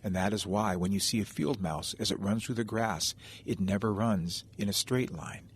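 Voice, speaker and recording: A man telling a traditional animal tale in a gentle, conversational way, speaking straight to his listeners. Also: lowish voice, normal speed, slightly rough. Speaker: storyteller. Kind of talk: oral folk storytelling.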